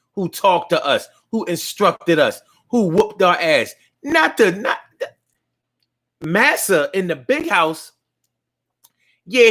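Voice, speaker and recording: A man's voice: high-pitched, a bit bright. A man talking in a casual monologue, rambling along with frequent restarts and fillers.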